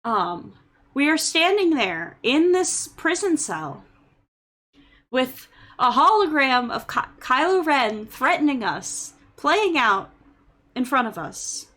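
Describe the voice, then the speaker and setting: A young woman streaming and chatting to her viewers in a relaxed, rambling way, full of ums and likes. Her voice sits fairly high, and she takes her time with the words. She tells stories with building exasperation. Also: slow. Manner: chatty storytelling, heavy fillers, gets loud and exasperated when ranting. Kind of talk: casual chat.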